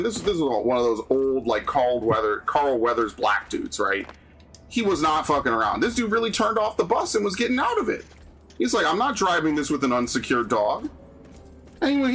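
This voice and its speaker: A man's voice: sits high, animated, a little fast, a bit bright. A man streaming a game, ranting profanely about city life in casual chat.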